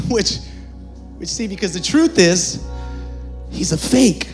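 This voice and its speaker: A pastor preaching a sermon, moving from joking, conversational asides to shouted, fervent climaxes. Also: male voice, sits high, very animated, slow pace, long pauses, faint music behind.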